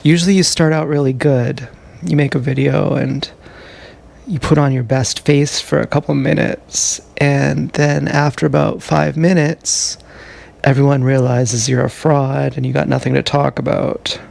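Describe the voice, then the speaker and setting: Outdoors or on the move, a man livestreams from a GoPro, its action-camera mic capturing his meandering, self-deprecating monologue full of hesitations. His medium-pitched voice is flat and measured, with vocal fry and a darkish tone.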